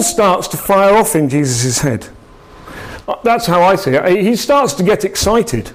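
A man's voice: high voice, animated, unhurried. A man giving an informal church talk, conversational and rambling, with frequent restarts and asides to the congregation. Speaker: preacher. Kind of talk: informal sermon.

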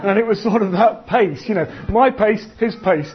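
A man preaching a sermon in an animated, conversational storytelling manner. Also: sits high, moderate pace, few pauses, background noise. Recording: dull lo-fi sound.

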